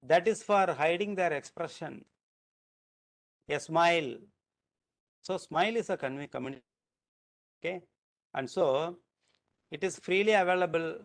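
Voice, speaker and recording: A man's voice: on the high side, measured pace, gravelly, pauses often. A man with a Tamil Nadu Indian English accent, giving a university lecture. He explains step by step, restarts sentences and repeats phrases to show how stress changes meaning. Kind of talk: recorded lecture.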